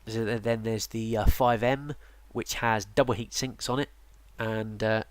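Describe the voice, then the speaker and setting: A tired, yawning man presents a game guide, casually explaining the game's units in a relaxed, rambling way full of ums and restarts. His voice is on the low side and a little slow, with no room sound. It's casual game tutorial narration.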